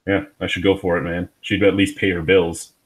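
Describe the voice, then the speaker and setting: A man's voice: sits low, level tone, fairly quick, rough recording. A man from Ontario hosting a casual beer review livestream, joking and rambling. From Ontario, Canada. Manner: joking, rambling, laughs often. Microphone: webcam setup at home.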